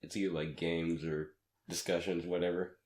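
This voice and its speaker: A man slightly raspy from a cold, rambling through a casual podcast chat as co-host and laughing at his own jokes. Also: sits low, little pitch movement, normal speed, darkish tone. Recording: echoey room.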